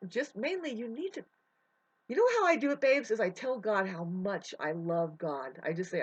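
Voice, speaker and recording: A woman in a rambling spiritual monologue, emotional and swearing, drifting between soft musing and loud outbursts. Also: medium pitch, expressive, normal speed, slightly rough. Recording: dull lo-fi audio.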